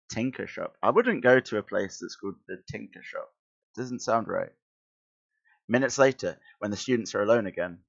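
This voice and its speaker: A man's voice: on the low side, expressive, normal speed, vocal fry, fairly bright tone, muffled recording. A man who teaches school, reading a comic aloud on a stream and breaking off into chatty, amused asides. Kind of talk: casual comic read-along commentary.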